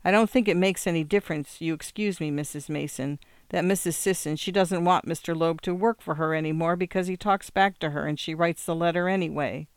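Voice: mid-range voice, fairly even intonation, brisk, hardly any pauses, clear, resonant tone, no room sound, natural voice. A reader voicing a blunt German housekeeper woman who speaks broken English in a shrugging, plain-spoken way. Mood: dismissive.

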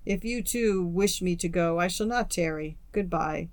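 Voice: mid-range voice, moderate pace, dry recording, close to an everyday voice. Earnest guy pleading in a storybook, bit of a quaver, dry close sound, as the reader does him. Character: earnest man, remorseful suitor.

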